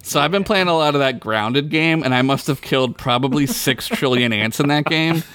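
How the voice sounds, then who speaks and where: A man, a podcast host, reading his own story aloud in a relaxed, playful way. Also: a little high, normal speed, slight background noise.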